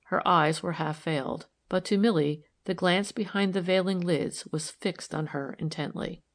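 A woman narrating a novel in an even, measured reading style. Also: on the low side. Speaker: audiobook narrator. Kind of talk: scripted narration.

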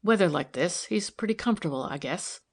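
A woman's voice: lowish voice, expressive, fairly quick. A woman voicing a stout, loyal older housemaid who talks bluntly in plain servant's dialect in an audiobook. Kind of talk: audiobook character reading.

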